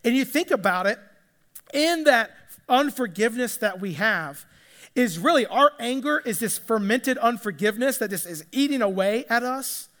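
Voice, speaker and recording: A man with a very high voice preaches in an easy, chatty way, stumbling and repeating words as he goes. The sound carries a long hall reverb. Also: lively intonation, normal speed, fairly bright tone. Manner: conversational, repeats words when restarting. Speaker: pastor. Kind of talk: sermon.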